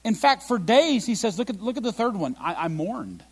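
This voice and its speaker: A middle-aged man preaching a sermon as pastor, swinging between loud emphatic bursts and quiet, low reflective lines. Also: sing-song, normal speed.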